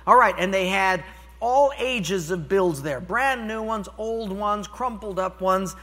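An older man preaching a sermon, telling stories with lively swings from loud calls to hushed, quiet lines. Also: sits high, takes it slowly, big-room sound. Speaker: pastor.

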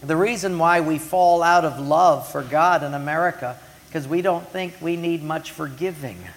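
A middle-aged man preaching a sermon as pastor, dramatic, swinging between loud emphasis and hushed asides. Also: a little high, normal speed. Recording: long reverb of a large hall.

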